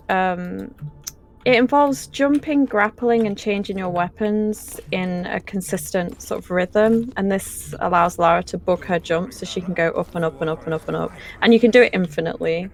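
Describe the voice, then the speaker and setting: A woman casually commentating her own speedrun, explaining the tricks in a relaxed way with frequent ums. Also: mid-range voice, a little slow.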